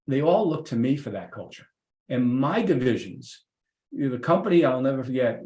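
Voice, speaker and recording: A middle-aged man, a podcast guest, telling a workplace story in a lively, casual way and acting out the people in it. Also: mid-range voice. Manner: lively, acts out the people in his stories. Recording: roomy echoey room.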